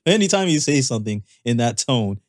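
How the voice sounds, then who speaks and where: A man's voice: medium pitch, very animated, fairly quick. A man co-hosting a podcast in casual chat, laughing often and echoing his partner's lines. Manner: laughs often, echoes and agrees with the other host. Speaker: podcast co-host.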